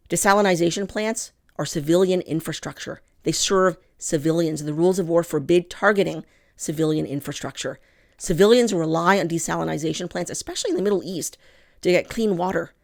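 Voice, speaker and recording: A woman with a somewhat low, darkish voice hosts a political commentary program. Speaking straight to camera, she's impassioned and emphatic, calling her audience "people."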